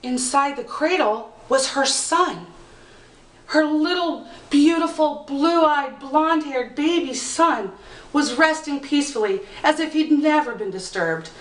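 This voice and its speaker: A woman telling a folk tale aloud with expressive, dramatic pacing, recorded from a distance in an echoey room. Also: high-pitched, unhurried. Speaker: storyteller. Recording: roomy, distant mic.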